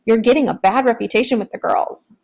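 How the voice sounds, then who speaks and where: A woman's voice: a little high, a little fast, creaky, darkish tone, poor audio. A woman reading an audiobook, voicing a middle-aged father who teases his son. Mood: teasing. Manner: wry, teasing.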